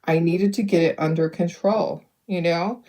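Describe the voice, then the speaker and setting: Chatty middle-aged woman, low voice. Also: moderate pace, dark tone. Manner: rambling, chatty, laughs often, talks to viewers. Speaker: craft video host. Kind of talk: casual chat while painting.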